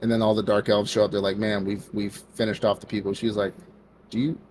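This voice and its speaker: A man's voice: on the low side, level tone, fast talker, darkish tone, slight background noise. A man co-hosting a podcast, recapping an anime episode in a rambling, casual way and acting out the characters' lines with lots of "like" and "bro". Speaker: podcast co-host.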